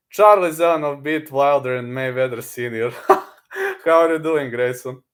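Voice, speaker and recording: A man's voice: medium pitch, moderate pace. A man streaming live, chatting casually with viewers and repeating blunt fight advice. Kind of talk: casual livestream chat.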